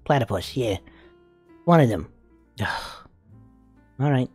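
A foul-mouthed, flamboyant male spider demon swears, giggles and coos, as a performer voices him. His pitch swings widely from line to line. The sound is dry and close, with faint music underneath. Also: lively intonation, takes it slowly, darkish tone, husky, no room sound. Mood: amused. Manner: crude, swearing, giggly, doting. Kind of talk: comedic fan character voice reaction.

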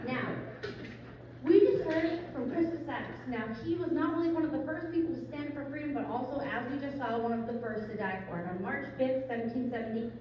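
A woman teacher leading a class activity in an animated, theatrical way, calling out to her students. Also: high-pitched, fairly quick. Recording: echoey large room, distant mic, dull sound, children's crowd noise.

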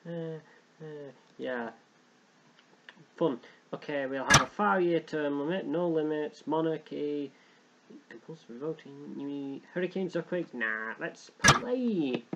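A man's voice: on the high side, expressive, takes it slowly, highs cut off, noisy background. A young man hosting a let's play, joking and rambling as he reads game text aloud. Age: young adult. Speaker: gaming channel host.

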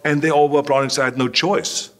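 A man's voice: fairly high pitch, fast talker. Older guy from austria, interview guest telling stories, does the voices of people he quotes. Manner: animated anecdotes, acts out quoted voices. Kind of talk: storytelling in a relaxed interview.

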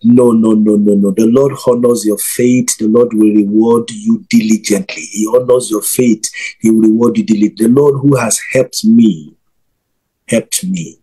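A man's voice: lowish voice, moderate pace, warm tone, husky. A man ministering as a guest preacher over a video call, giving emphatic prophetic declarations and repeating each one.

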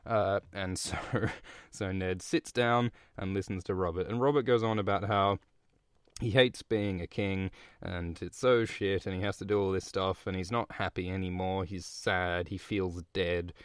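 A low-voiced man riffing through a book chapter for his podcast, irreverent and full of swearing and filler words. The sound is dry and close, with no room around it. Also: steady tone, normal speed, clean tone, no echo. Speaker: podcast host. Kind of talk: comedic retelling of a book chapter.

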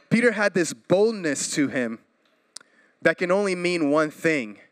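A pastor in his thirties from Florida, preaching a sermon with energetic swings in pitch and volume and playful asides. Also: clean tone, no room sound.

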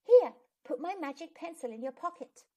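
A woman's voice: sits high, lively intonation, moderate pace, dark tone, voice pushed up. A woman reading a children's book aloud, voicing an earnest, generous young schoolboy.

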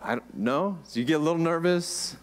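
An American man preaching a sermon as pastor, in a relaxed, conversational way, often asking his congregation questions. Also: on the high side, a little fast. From United States. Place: church.

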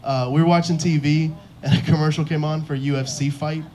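A man's voice: a little high, fairly even intonation, fast talker, a little mellow, a little hiss or hum. A young man performing a stand-up comedy set on a club stage into a handheld mic, self-deprecating and chuckling at his own jokes.

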